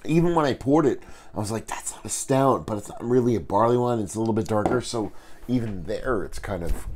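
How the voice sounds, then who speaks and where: A man with a raspy voice, casually reviewing a beer in a laid-back, rambling way, swearing now and then. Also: low voice, a little mellow.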